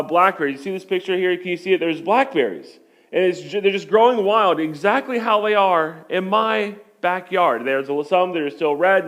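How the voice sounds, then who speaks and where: High-voiced man preaching with jokes. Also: a bit bright. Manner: joking, conversational storytelling. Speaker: pastor. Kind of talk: sermon. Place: church.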